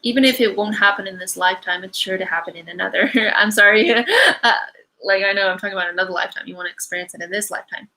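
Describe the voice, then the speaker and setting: A woman's voice: medium pitch, steady tone, rapid-fire, pushed and bright, rough recording. A young woman hosting a live card-reading Q&A from her home, chatting casually and rambling with many fillers and apologetic asides. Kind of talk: casual livestream chat. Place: her home, animals around.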